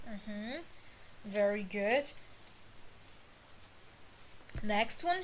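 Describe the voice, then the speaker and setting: A woman gives an English idiom lesson with a high, light voice. She speaks slowly and deliberately, repeating each phrase so her learners can follow. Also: big pitch swings, a little hiss or hum, low-quality recording. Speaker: English teacher. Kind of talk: idiom lesson, slow and explanatory.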